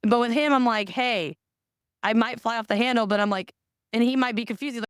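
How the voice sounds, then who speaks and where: Woman podcast host, candid and foul-mouthed, clear tone, dry close mic. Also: on the high side, brisk, dry recording. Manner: blunt, candid, swears freely. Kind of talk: casual chat.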